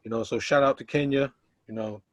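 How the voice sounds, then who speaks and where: A man reciting a spoken word poem in a slow, rhythmic, emphatic way. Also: mid-range voice, fairly even intonation, dry recording. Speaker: poet. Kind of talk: spoken word poetry reading.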